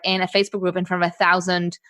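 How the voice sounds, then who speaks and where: A woman guest in a podcast interview, talking quickly and casually with lots of "like" and laughing easily. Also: lowish voice, little pitch movement, a bit bright. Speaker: guest, business consultant. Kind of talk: conversational interview.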